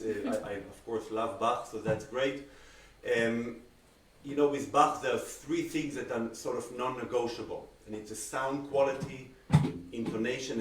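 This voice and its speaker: Animated man teaching cello, roomy and distant. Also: medium pitch, slight background noise. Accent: Israeli. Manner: animated, uses everyday comparisons and acted-out examples. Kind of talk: masterclass critique. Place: room on a video call. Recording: roomy sound, distant from the mic.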